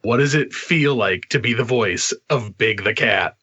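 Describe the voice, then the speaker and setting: A man's voice: medium pitch, unhurried, sharp tone, dry recording. A man co-hosting a casual podcast interview who asks questions in a playful, teasing way. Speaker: podcast co-host. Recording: slightly dull lo-fi audio.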